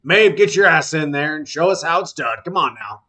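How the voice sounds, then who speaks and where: A booming, bossy tactics teacher who hollers at his students, voice pushed up high and loud, as a man puts him on. He sounds rough and commanding in a tabletop game. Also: animated, normal speed. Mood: teasing bark. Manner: boisterous, shouting praise and orders.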